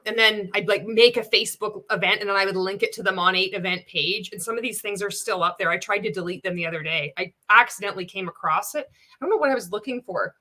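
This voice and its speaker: A woman's voice: medium pitch, pushed and bright. A woman giving casual reaction commentary as a vlogger, blunt and sarcastic, swearing often and laughing between remarks.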